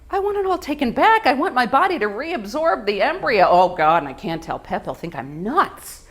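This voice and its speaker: A woman performing a self-mocking comedic stage monologue with an animated delivery. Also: fairly high pitch, moderate pace, hardly any pauses, slight background noise.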